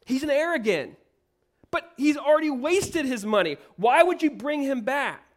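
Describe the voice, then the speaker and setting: A man's voice: very high voice, very animated, moderate pace. A man preaching a sermon, emphatic and full of rhetorical questions.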